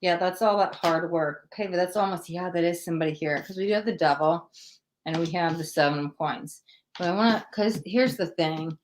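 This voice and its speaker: A woman's voice: fairly low pitch, a little fast, a little hiss or hum. Chatty woman giving a live tarot reading. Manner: chatty, animated, acts out quoted voices. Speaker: tarot reader. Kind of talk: live-stream psychic reading.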